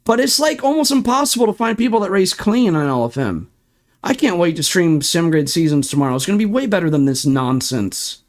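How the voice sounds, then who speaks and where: Very animated and talking fairly quickly, this young man rants and swears on his sim racing stream while breaking down replay footage. His voice sits high.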